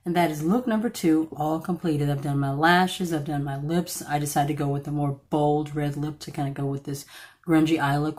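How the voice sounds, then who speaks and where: A woman with a slightly croaky voice from allergies, chatting casually through a makeup tutorial and stopping now and then to correct herself. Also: low voice, fairly even intonation, moderate pace, a little mellow. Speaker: beauty vlogger.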